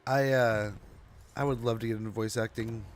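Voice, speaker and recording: A man's voice: mid-range voice, fairly even intonation, moderate pace. Rambling young man with faint hiss. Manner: rambling, self-deprecating, many fillers. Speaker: gaming streamer. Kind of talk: casual gameplay commentary.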